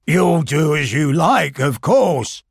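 A gloomy, dignified old donkey voiced by a man for a storybook, drawling each word slowly and mournfully. The voice is gravelly and husky, with a tone that rises and falls. It sounds dry and close. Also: fairly low pitch, big pitch swings, a bit bright, no room sound, pitched below the performer's own voice, exaggerated voice. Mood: grumbling. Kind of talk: audiobook character voice.

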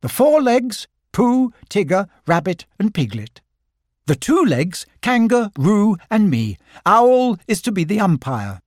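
A man's voice: high voice, big pitch swings, takes it slowly, no echo, studio quality, pitched above the performer's own voice, heavily acted. A man doing an earnest, organising young boy. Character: sensible young boy, the group's leader.

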